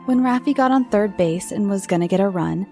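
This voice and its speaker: A woman's voice: medium pitch, darkish tone. A woman hosting a show of spooky bedtime stories for children, narrating dramatically and dropping into whispers at times. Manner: slow, dramatic with dips into whispers. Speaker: storyteller host. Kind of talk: bedtime scary story narration for kids. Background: faint music.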